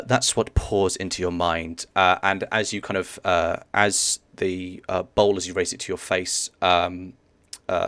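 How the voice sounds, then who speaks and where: A man narrating as game master of a tabletop game, halting and searching for words as he describes the scene. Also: low-pitched, fairly bright tone, no echo.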